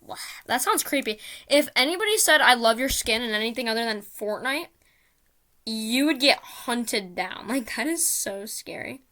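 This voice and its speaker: A woman's voice: a little high, animated, normal speed, pushed and bright. A woman vlogger telling a casual, rambling story with lots of fillers, often mocking herself.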